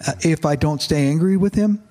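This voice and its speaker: A man voicing a grieving middle-aged father, halting and pleading, as he reads aloud from a novel. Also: a little high, mellow, lightly acted.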